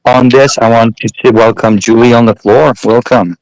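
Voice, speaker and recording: A man's voice: mid-range voice, fairly even intonation, normal speed, a little mellow, no echo, poor audio. Man, live audio chat host, blunt, emphatic, cuts in, dry sound. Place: remote live audio room.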